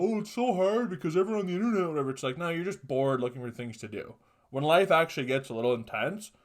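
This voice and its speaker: A young man talks through a solo podcast story in loose, off-the-cuff chat. He swears constantly, trails off into asides and works himself up into loud, heated rants. His pitch sits right in the middle for a man. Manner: profane, rambling, gets loud and heated when ranting. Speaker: podcast host.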